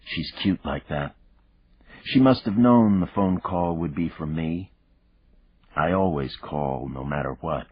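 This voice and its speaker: Deep husky male audiobook narrator. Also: no room sound. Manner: measured, reflective storytelling. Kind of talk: first-person scripted narration. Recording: dull lo-fi dry recording.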